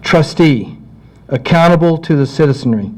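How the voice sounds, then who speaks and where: A middle-aged man running for council, giving an earnest, measured closing statement at a candidate forum. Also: medium pitch, a little mellow, rough recording.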